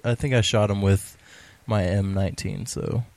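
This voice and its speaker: A man's voice: fairly low pitch, steady tone, moderate pace, creaky, a little mellow, no room sound. A man with a sore throat telling a rambling, laughing story in a casual gaming chat. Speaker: podcast co-host.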